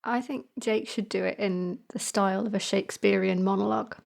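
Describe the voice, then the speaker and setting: Gravelly woman thinking aloud. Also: medium pitch, fairly even intonation, brisk. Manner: hesitant, thinks aloud with fillers. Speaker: podcast co-host. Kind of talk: casual podcast chat.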